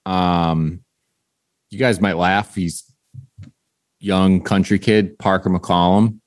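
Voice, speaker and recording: Male podcast cohost, low voice, excitable and profane, dry mic. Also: takes it slowly, dry recording. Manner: enthusiastic, profane. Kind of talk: casual chat.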